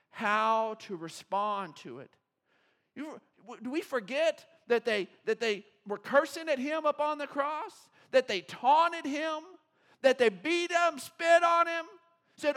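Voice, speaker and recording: High-voiced preacher, animated and dramatic. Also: male voice, unhurried. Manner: animated, acts out quotes, swings from loud to hushed. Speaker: pastor. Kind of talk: sermon. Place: church sanctuary.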